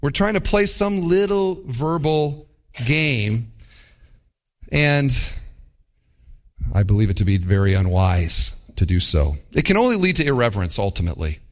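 Lively-voiced male pastor preaching. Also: mid-range voice. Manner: animated, wry mimicking asides. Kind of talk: sermon.

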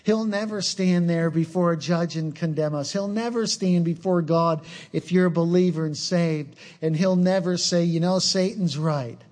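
Guy preaching a sermon, kinda high voice, earnest, tells little stories from his life. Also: normal speed, hardly any pauses, darkish tone.

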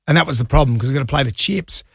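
A man's voice: mid-range voice, very fast, gravelly, fairly bright tone, slightly rough, no echo, clean studio sound. A middle-aged Australian man co-hosting a radio show, telling rambling anecdotes and laughing easily. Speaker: radio co-host. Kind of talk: casual on-air banter. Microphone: studio mic.

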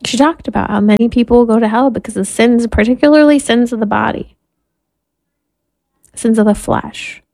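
Woman, 30s, Catholic mother giving a faith talk; earnest, self-deprecating, fairly high voice, dry recording. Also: moderate pace, creaky, pauses often, darkish tone, no echo. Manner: earnest, candid, laughs at herself while telling family stories. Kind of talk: personal faith talk with storytelling.

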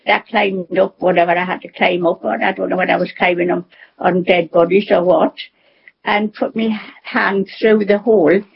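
A woman in her nineties from England, recalling events in a halting, plainspoken way during a radio interview. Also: medium pitch, gravelly, slightly rough. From North East England. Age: 90s. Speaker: interviewee, war survivor. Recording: dull lo-fi broadcast audio.

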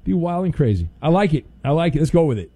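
A man's voice: fairly high pitch, big pitch swings, fast talker, mellow, no room sound. A man hosting a call-in radio show, joking playfully with callers and crew. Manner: playful, joking, exaggerated indignation. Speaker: radio host.

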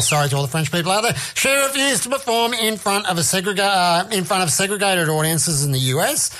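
Chatty male radio DJ, fairly high voice. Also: sharp tone, a little hiss or hum. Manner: chatty, self-mocking asides. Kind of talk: casual radio chat.

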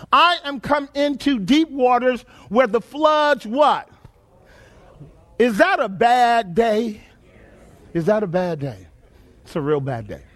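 A man's voice: very high-pitched, a bit bright. A man preaching a sermon, emphatic and repetitive, asking his listeners questions and repeating phrases.

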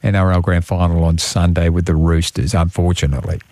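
A man's voice: sits low, level tone, fairly quick, no room sound. A man with an Australian accent hosting a breakfast radio show, chatty and teasing. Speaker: radio host. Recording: music playing loudly behind. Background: music.

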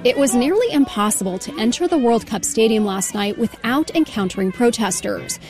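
A woman's voice: on the high side, a little fast. Woman news reporter over music. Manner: steady, vivid storytelling.

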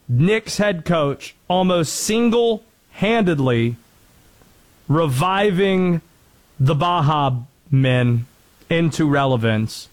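A man hosting a talk radio show, chatting and joking with callers and co-hosts. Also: on the high side. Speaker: radio host. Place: radio studio.

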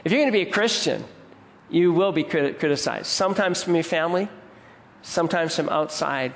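A man's voice: a little high, lively intonation, brisk, creaky, big-room sound. A man preaching a sermon in a conversational way, now and then raising his voice to mock grumbling people. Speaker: pastor.

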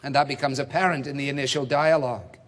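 A man preaching an expository sermon, measured and emphatic, posing rhetorical questions. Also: medium pitch, fairly even intonation, fairly bright tone. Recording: reverberant hall.

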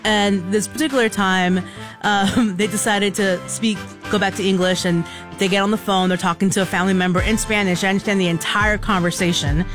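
A woman's voice: mid-range voice, a little fast, over music. A woman co-hosting a radio show, telling a long story in casual banter and acting out the voices of the people in it. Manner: animated storyteller, acts out quoted voices. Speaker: radio co-host.

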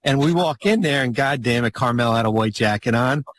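A man, a former basketball team executive, telling a long anecdote in casual chat, rambling and animated with sudden jumps in pitch. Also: brisk, slight background noise.

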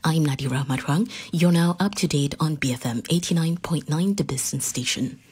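Casting: woman radio newsreader, low mellow voice, husky edge, steady scripted read. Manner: steady, measured newsreader delivery. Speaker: news and traffic reader.

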